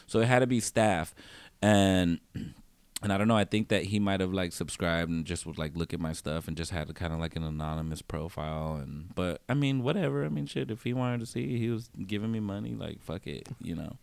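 A man with a low, smooth, resonant voice tells stories in a loose, rambling way, thick with fillers. He talks as a podcast guest and go-go dancer. The sound is dry and close. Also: brisk, a little mellow, dry recording. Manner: rambling, laughing, full of fillers. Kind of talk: casual storytelling.

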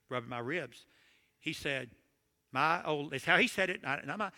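A middle-aged man preaching a humorous sermon, telling stories with jokes and animated asides in a church or conference hall. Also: on the high side, moderate pace. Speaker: marriage conference speaker. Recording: long hall reverb.

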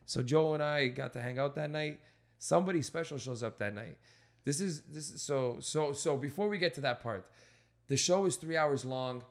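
A young man with a slightly high voice tells a backstage story in a loose, profane way. He is a stand-up comic on his own show, and he keeps breaking into loud acted-out quotes. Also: moderate pace. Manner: animated, swearing, acts out voices with shouts. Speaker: stand-up comic and podcast host. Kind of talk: casual storytelling chat.

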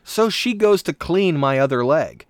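A young man telling a childhood story in a casual chat, animated and self-mocking, with quick asides. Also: on the high side, clean tone, no room sound, studio quality.

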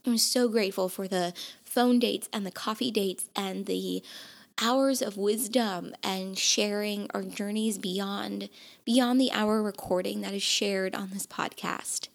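A woman's voice: medium pitch, fairly even intonation, measured pace, gravelly. A woman hosting her podcast, talking earnestly and emotionally, close to tears. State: tearful. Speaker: podcast host. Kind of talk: heartfelt solo podcast monologue.

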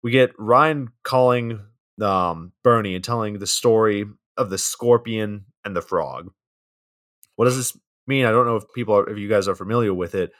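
A man's voice: on the low side, moderate pace, a bit bright. A man co-hosting a podcast, casually recapping a film's plot with frequent swearing. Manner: laid-back plot recap, swears often. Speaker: podcast co-host. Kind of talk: casual movie review chat.

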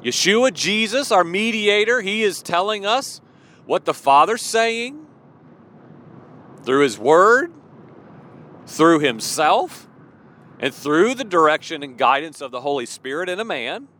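A man preaching in an animated, emphatic way, his voice rising and falling widely as he drives each point home. He speaks with a slightly higher pitch than most men, repeats his key phrases for weight, and slips into casual fillers between them. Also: a little slow, long pauses. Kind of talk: informal devotional sermon.

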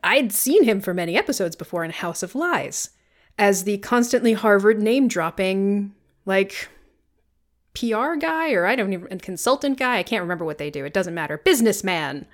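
A woman in easy conversation about a film she clearly loves. She talks with animation, dropping into quick impressions of the characters and laughing often. Her voice sits at an ordinary middle pitch for a woman. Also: expressive. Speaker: podcast co-host. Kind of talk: casual movie review chat.

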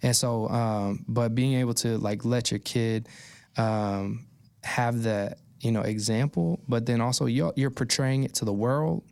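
A man's voice: medium pitch, fairly even intonation, a little slow, vocal fry, darkish tone, clean tone, no room sound. A man guest on a podcast chatting casually, laid-back and encouraging, with loose phrasing. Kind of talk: casual chat.

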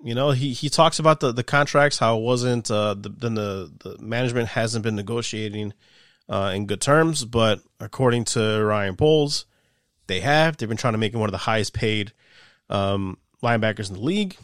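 A man's voice: on the low side, normal speed, fairly bright tone, dry recording. A man hosts a casual sports podcast in a dry, close-miked sound. He talks animatedly, laughs often and swears freely. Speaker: podcast host.

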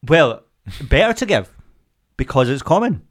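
A man's voice: a little high, big pitch swings, unhurried. A man co-hosting a podcast in casual chat, joking crudely and acting out the people in his stories. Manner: jokey, crude, acts out anecdotes. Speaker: podcast co-host.

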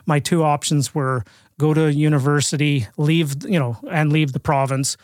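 A man's voice: a little high, fairly even intonation, moderate pace, a little mellow, no room sound, clean studio sound. A middle-aged Canadian man, a podcast guest, telling a personal story in a chatty way, repeating words and restarting often. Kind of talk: storytelling in a casual interview.

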